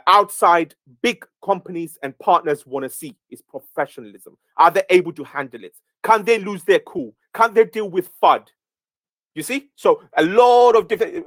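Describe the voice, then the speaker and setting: A man's voice: a little high, no room sound. Emphatic man hosting a community Q&A. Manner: emphatic, repeats "okay?" to check in. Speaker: project lead hosting a community Q&A. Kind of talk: casual live-stream talk.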